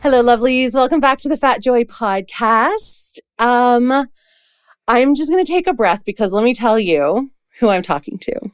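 A woman's voice: a little high, expressive, a little slow, clean tone, dry recording, faint music behind. A woman hosting a podcast interview, effusive and gushing about her guest. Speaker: podcast host and coach.

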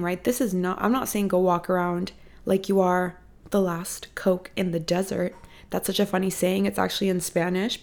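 A young woman hosting her podcast from her apartment, giving a casual, profane, animated motivational pep talk. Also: mid-range voice, vocal fry. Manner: expressive, profane, animated emphasis. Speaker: podcast host. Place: apartment room at home.

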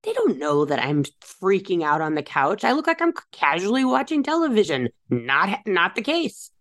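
A woman's voice: mid-range voice, sing-song, normal speed, a bit bright. A middle-aged woman talking candidly and reflectively about her own parenting, correcting herself as she goes and asking rhetorical questions. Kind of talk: reflective personal monologue.

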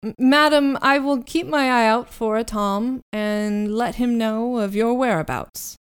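A woman's voice: mid-range voice, animated, slow, a little mellow. A woman voicing a prim older male butler who speaks in a stiff, formal way. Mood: polite.

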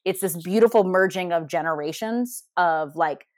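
Low-voiced woman chatting eagerly. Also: moderate pace, darkish tone, no room sound, clean studio sound. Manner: enthusiastic, heavy use of "like". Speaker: podcast co-host. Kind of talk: casual chat.

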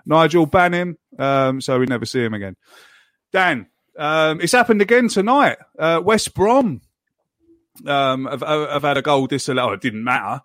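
A man's voice: a little high, a bit bright, no room sound, clean studio sound. A man hosting a casual football podcast, chatting and moderating the live chat. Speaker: podcast host.

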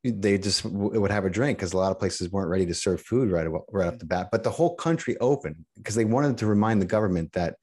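A middle-aged man talking as a podcast guest in casual chat, halting and restarting often. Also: lowish voice, darkish tone, breathy edge. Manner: halting, many restarts and repeated words.

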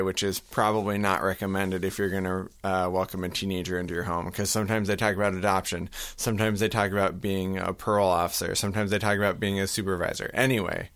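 Lower-voiced, agreeable male podcaster. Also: fairly bright tone, clear, resonant tone, no room sound. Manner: agreeable, backchanneling, summarizes plot. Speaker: podcast co-host. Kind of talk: casual podcast chat.

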